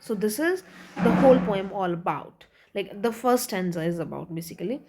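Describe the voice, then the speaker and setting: A woman's voice: mid-range voice, animated, moderate pace, very noisy. A woman teaching literature, reading lines of a poem aloud and then explaining them in plain words, with many restarts and fillers.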